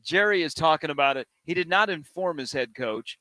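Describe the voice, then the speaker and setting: A man's voice: fairly high pitch, animated, a little fast, pushed and bright, no echo. Chatty Midwestern sports radio man. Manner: chatty, jokey, playful storyteller. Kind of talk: casual sports talk.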